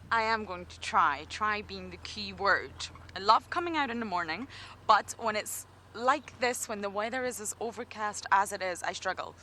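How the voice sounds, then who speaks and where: A woman's voice: mid-range voice, lively intonation, moderate pace, bright, forceful tone, a little hiss or hum. A Scottish woman from Scotland, a safari guide giving chatty, good-humoured live game drive commentary. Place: outdoors in an open game vehicle.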